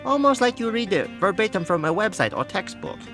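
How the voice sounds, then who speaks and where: Man playing gruff old martial arts master, cryptic, teasing, bright high voice, audio drama. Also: very animated, brisk, soft background music, heavily acted. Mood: stern.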